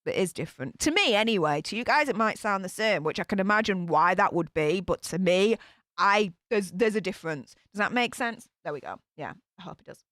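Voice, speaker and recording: A woman from Northern England with a Yorkshire accent chats casually with her live-stream viewers as a YouTube commentator reading live chat, rambling with lots of fillers and restarts. Her medium-pitched voice is expressive, fairly quick and a bit bright, recorded in studio quality with no room sound.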